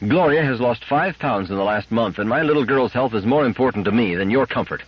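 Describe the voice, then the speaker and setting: A man's voice: medium pitch, animated, fairly quick, breathy edge, no room sound, pitched above the performer's own voice. A man voicing a stern, stubborn mother who speaks firmly and grimly. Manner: firm, clipped and grim. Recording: dull lo-fi sound.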